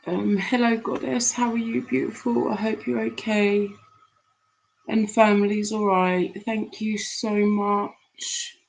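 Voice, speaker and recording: A grieving, tearful woman chatting with viewers on a live stream from home, halting with many pauses and fillers, on a laptop mic. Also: mid-range voice, level tone, gravelly, a little hiss or hum, rough recording.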